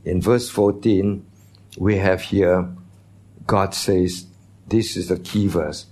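A pastor preaching a sermon in a church, teaching in a conversational way and putting questions to the congregation. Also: male voice, deep voice, fairly even intonation, takes it slowly, a little mellow.

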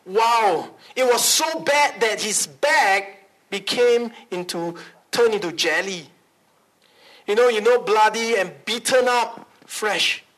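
A male pastor preaches a sermon in an animated way, with big swings in pitch and calls for amens. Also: slow pace, rough recording.

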